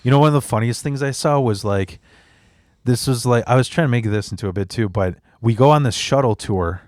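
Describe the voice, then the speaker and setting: Young male stand-up comic, loose swearing storyteller, mid-pitched, dry close mic. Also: fairly quick, dry recording. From Chicago area. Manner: rambling storyteller, swears a lot. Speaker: stand-up comedian. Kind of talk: casual podcast chat.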